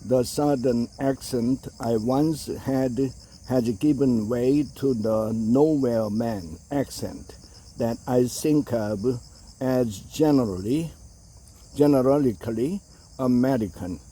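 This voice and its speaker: A man reading an opinion essay aloud in a measured way, with the odd hesitation. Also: mid-range voice, mellow.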